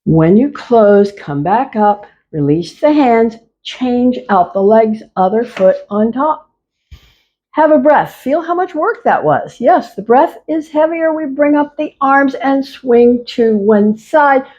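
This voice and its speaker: Woman yoga instructor, warm mellow tone, unhurried calm cueing, slightly dull recording. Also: a little high. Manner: slow, calm, repetitive cueing. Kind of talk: guided exercise class instruction.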